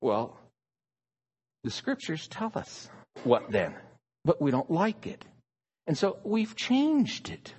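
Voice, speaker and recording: A man's voice: a little high, huge pitch swings, takes it slowly, long pauses, a little mellow, breathy edge, big-room sound. A man preaching a sermon, emphatic and stressing single words.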